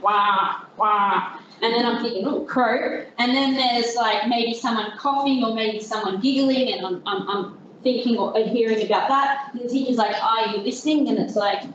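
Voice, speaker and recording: A young woman speaks informally to an audience, rambling a little and stopping to restart her sentences. Her voice sits a touch high. The recording is dull and very echoey, as if taken in a big hall with faint background noise. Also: distant mic. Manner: chatty, self-deprecating, many fillers and restarts. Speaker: guest speaker. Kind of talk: informal presentation to a group.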